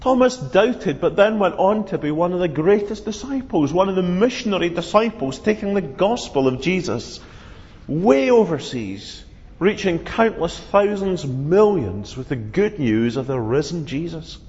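Lively-voiced male preacher in echoey hall. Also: sits high, measured pace. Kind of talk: sermon. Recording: dull, reverberant hall sound.

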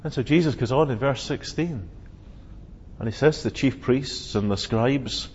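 A man's voice: medium pitch, normal speed, a little mellow, slight background noise. A man preaching a sermon, expounding scripture earnestly and emphatically, lifting his voice on quoted cries. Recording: lo-fi with long hall reverb.

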